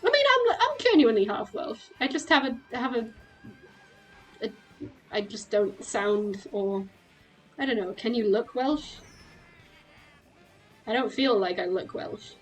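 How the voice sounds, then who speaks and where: A woman chats through a game stream with a slightly high, lively voice, bursting into quick exclamations and giggles. She talks casually and excitably into a desk mic. Soft game music plays faintly behind her. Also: rough recording. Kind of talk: casual gameplay chat.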